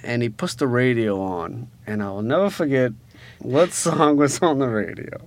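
Speaking at a normal speed in a mid-range voice, a Louisiana man spins a casual, profane yarn. He's animated, slipping into quiet asides before building to loud rants.

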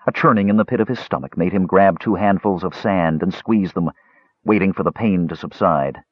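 A man narrating a fantasy story in a dramatic, expressive reading. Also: deep voice, a little fast, no echo, lo-fi sound. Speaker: audiobook narrator.

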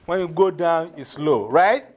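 A man leading a drumming workshop from abroad, coaxing a group through call-and-response with energetic, repeated cues. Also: on the high side, measured pace. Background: hand drums playing.

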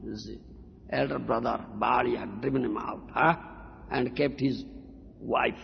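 A man's voice: mid-range voice, fairly even intonation, unhurried, creaky, a little hiss or hum. A man giving a devotional sermon as a spiritual teacher, repeating words and often checking in with "huh?" and "you understand?". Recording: lo-fi recording in a reverberant hall.

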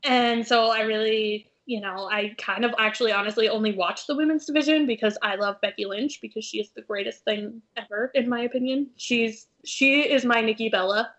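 A young woman co-hosts a casual chat, chatty and opinionated, in a slightly high, somewhat bright voice. She talks fairly quickly with few pauses, and the lo-fi recording sounds dull.

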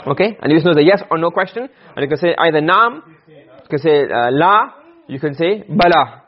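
A man's voice: on the high side, animated, fairly quick, dull audio. A man teaching Arabic grammar in a classroom lecture, explaining step by step and quizzing his students.

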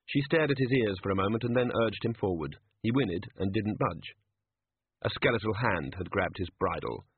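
A man narrating an audiobook in a dry, steady storytelling manner. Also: fairly low pitch, normal speed, husky. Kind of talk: scripted narration. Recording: narrow phone-like sound.

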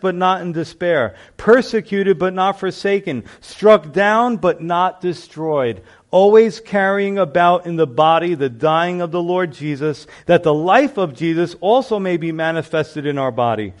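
A man preaching a sermon, earnest and emphatic as he reads scripture aloud. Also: high voice.

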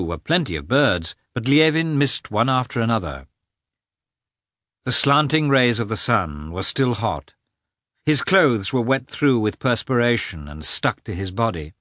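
A man reading a novel aloud as an audiobook narrator, with expressive, shifting inflection. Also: no room sound, clean studio sound. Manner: reads with lively, expressive inflection, lifting pitch for characters' shouts. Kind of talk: scripted narration.

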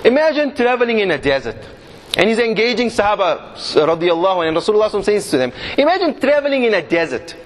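Guy preaching w a really high voice, asks the crowd questions, echoey hall. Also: sing-song, rapid-fire, slight background noise. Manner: vivid storytelling with rhetorical questions. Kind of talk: sermon.

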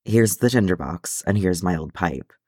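A man voicing a gruff old dwarf father who fusses fiercely over his son. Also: low voice, lively intonation, moderate pace, darkish tone, no echo, studio quality. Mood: fussing.

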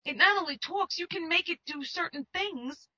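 Animated woman agent, bright voice. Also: very high-pitched, moderate pace, no echo. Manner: animated and emphatic, with frequent restarts. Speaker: literary agent. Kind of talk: casual advice talk to screenwriters. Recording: dull, dry, lo-fi recording.

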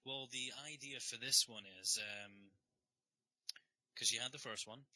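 A tired young man chatting casually as a podcast co-host, blunt and quick to swear. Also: mid-range voice, fairly even intonation, sharp tone, no echo, poor audio. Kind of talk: casual chat.

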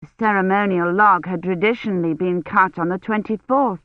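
A woman narrates an audiobook in a steady, even storytelling voice. The sound is tinny and phone-like, with no room echo at all. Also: mid-range voice, normal speed. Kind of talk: scripted narration.

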